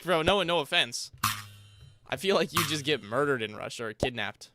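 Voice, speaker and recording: A man's voice: fairly high pitch, expressive, normal speed, soft background music. A young man streaming a game, chatting casually with viewers in a rambling, joking, slang-heavy way. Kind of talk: casual livestream chat while gaming. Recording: loud background noise.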